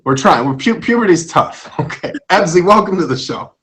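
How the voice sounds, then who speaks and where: A man's voice: sits high, animated, normal speed, background noise. A young man hosting a casual live-stream talk show, jokey and self-deprecating, stumbling over words as his voice cracks.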